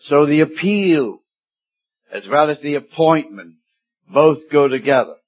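Slow, emphatic preacher in his seventies. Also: on the high side, expressive. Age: 70s. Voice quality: slow, deliberate delivery with sudden loud emphatic rises. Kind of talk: sermon. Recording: dull lo-fi sermon recording.

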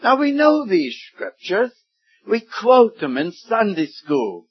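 A man in his seventies delivers a sermon at an unhurried pace, his voice sitting slightly high. He stays deliberate and weighty, then rises suddenly into loud emphatic peaks. The recording sounds dull and lo-fi. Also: wildly swooping pitch, slightly rough. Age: 70s. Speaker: preacher.

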